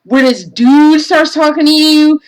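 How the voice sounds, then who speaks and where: A woman's voice: high voice, fairly even intonation, unhurried, low-quality recording. A woman giving a casual game review, profane and exasperated, ranting animatedly.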